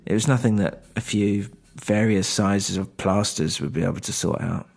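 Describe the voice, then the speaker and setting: A man with a fairly low voice tells a first-person story. He reads steadily, sometimes pausing and correcting himself. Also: vocal fry, a little mellow. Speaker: narrator.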